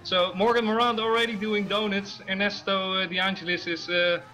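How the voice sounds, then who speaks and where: A man's voice: high-pitched, level tone, brisk, bright, forceful tone, low-quality recording. A man co-commentating a live race, hesitant with lots of fillers and restarts, laughing easily. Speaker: sim racing co-commentator.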